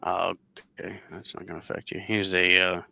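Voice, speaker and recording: A laid-back man in his thirties chatting casually, with a low, gravelly voice. It comes across crisp and bright, but the sound is dry and a little dull. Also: level tone, fairly quick, no room sound. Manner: laid-back, laughing easily. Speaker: co-host reacting to clips. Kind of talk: casual chat.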